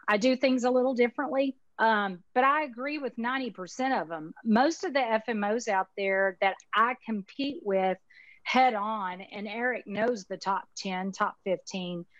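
A woman in her fifties with a Texas accent, chatting in a folksy, emphatic way full of Southern sayings. Her voice sits a little high, recorded close and dry over a slightly dull, lo-fi video call line. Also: no echo. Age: 50s. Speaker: insurance marketing organization owner, guest. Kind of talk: casual conversational interview.

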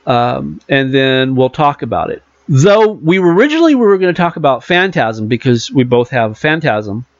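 With lively intonation and medium pitch, a man co-hosts a podcast at a moderate pace, recorded lo-fi with no room sound. He rambles through casual conversation, fixes his own words, and acts out quotes.

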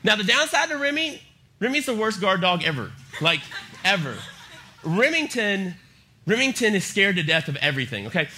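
A man's voice: high voice, big pitch swings, normal speed, pushed and bright. A young man preaching to a youth group, telling humorous stories with plenty of energy. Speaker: youth pastor. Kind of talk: youth sermon. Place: church youth service.

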